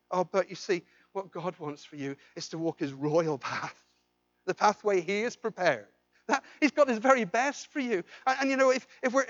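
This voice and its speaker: Impassioned preacher, high voice. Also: male voice, no room sound, highs cut off. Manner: impassioned, swings from loud pleading to quiet intensity; repeats and restarts phrases, asks the congregation questions. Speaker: pastor. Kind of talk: sermon.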